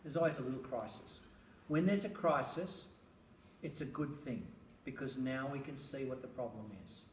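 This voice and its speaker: A middle-aged man, a school educator, gives a public talk on parenting, sharing anecdotes with chuckles and rhetorical asides. He speaks at medium pitch and a moderate pace, and the recording sounds roomy, distant and noisy.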